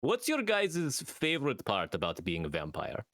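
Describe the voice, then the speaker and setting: A man's voice: mid-range voice, wildly swooping pitch, normal speed, fairly bright tone, no echo, clean studio sound. A man co-hosting a comedy podcast, playing up a hammy mock-vampire persona and stammering through his sentences. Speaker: podcast co-host.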